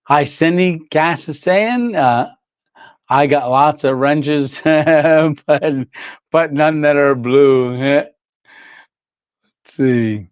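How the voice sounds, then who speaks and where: Slow-talking man hosting a livestream. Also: on the high side, clear, resonant tone, dry recording, highs cut off. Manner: rambling storyteller, reads chat aloud, laughs often. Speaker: livestream host. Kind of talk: casual livestream chat.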